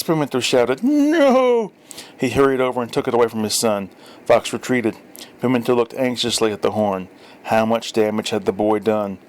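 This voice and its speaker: A man reading a story aloud in a dry, wry storytelling manner with small self-corrections. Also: on the low side. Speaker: story reader. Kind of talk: audiobook narration.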